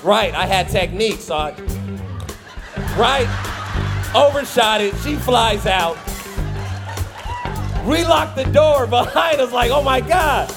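A male comedian telling a funny personal story, animated and laughing at himself. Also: very high-pitched, slow pace, pauses often. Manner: animated, laughing, self-mocking. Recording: music bed under the voice.

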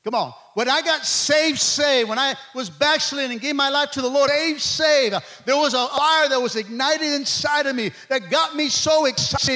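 Middle-aged man preaching, high voice, lots of repeating and calling out. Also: normal speed, hardly any pauses. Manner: preachy call-and-response, repeating words, shouting at peaks. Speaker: pastor. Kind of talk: sermon.

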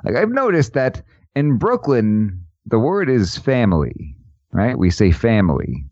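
A man's voice: mid-range voice, sing-song, a little mellow, dry recording. Podcast host, man, jokey and laughing, dry slightly dull sound. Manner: joking, laughs often, halting restarts. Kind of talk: casual chat.

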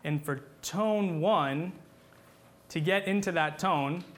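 A man with a somewhat raised voice teaches a class at an unhurried pace. He explains things patiently, stopping and restarting often. Now and then he sings short phrases as examples. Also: fairly high pitch, fairly bright tone. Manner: patient, halting, with many fillers and restarts. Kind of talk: classroom lesson on chant.

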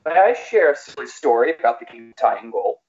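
A man's voice: medium pitch, fairly quick, slightly rough. A man co-hosting a casual sports podcast, telling a story with lots of energy and acting out lines. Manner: animated storyteller, laughs and acts out lines. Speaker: podcast co-host. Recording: dull lo-fi sound.

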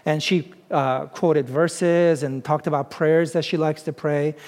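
A man's voice: a little high, steady tone, a little slow, a little mellow. A man preaching a sermon as pastor, in a conversational way that keeps posing rhetorical questions to the congregation.

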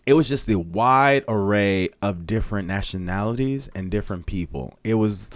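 A man with a Jamaican accent, a podcast guest, chatting casually and telling animated stories. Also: fairly low pitch, moderate pace, dry recording. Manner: animated storyteller who slips into voices. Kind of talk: casual chat.

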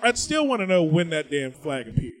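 A man co-hosting a comedy podcast in casual chat, loud and joking, often laughing. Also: big pitch swings, a little fast. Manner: high-pitched. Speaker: podcast co-host.

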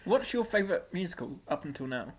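A man's voice: sits high, very animated, quick pace, a crowd in the background. A man co-hosting a casual watch-along, laughing easily and asking playful questions. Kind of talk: casual banter. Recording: faint background noise.

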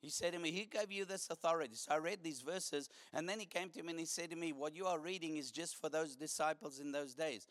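A man's voice: on the high side, fast, hardly any pauses, a bit bright, no echo, clean studio sound. A man preaching a fervent sermon, telling a story and calling for responses from the congregation.

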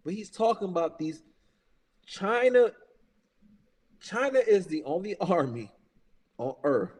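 Heated, profane man ranting, fairly high voice. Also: lively intonation, a little slow, a little mellow, slightly rough, long reverb tail. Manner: profane, emphatic, repeats himself and says "bruh". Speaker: podcast talker. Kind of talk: heated casual podcast rant.

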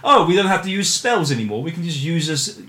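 A man's voice: fairly high pitch, big pitch swings, fast talker, sharp tone, roomy sound. A man hosting a casual comedic podcast, reading listener questions with playful laughter and stammered restarts.

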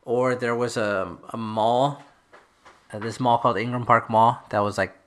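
A man's voice: medium pitch, fairly even intonation, normal speed, a bit bright. A man from Texas, a guest author telling a story in a casual chat, wry and self-mocking, often trailing off into laughs.

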